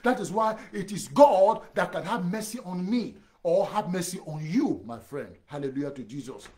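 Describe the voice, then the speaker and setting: A man's voice: sits high, expressive, normal speed, a little mellow. A man preaching a sermon as pastor, emphatic, repeating phrases and speaking straight to the listener. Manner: direct address to the listener.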